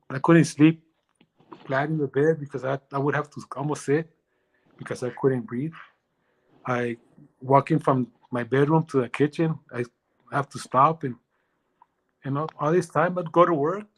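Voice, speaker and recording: A man as an interview guest, telling a personal story in a halting way with many restarts. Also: mid-range voice, poor audio.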